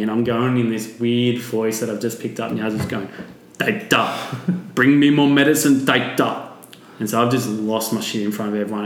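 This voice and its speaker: Low flat-voiced guy telling an intense story, swears a lot, echoey room. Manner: vivid, swearing, acts out quotes. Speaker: podcast guest. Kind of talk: emotional personal storytelling.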